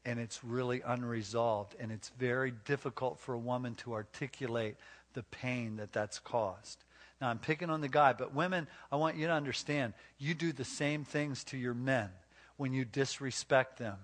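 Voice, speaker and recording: A man's voice: mid-range voice, moderate pace, fairly bright tone. Emphatic man coaching a marriage retreat. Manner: emphatic, coaching volunteers, acting out quotes. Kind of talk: sermon-like teaching with live role-play.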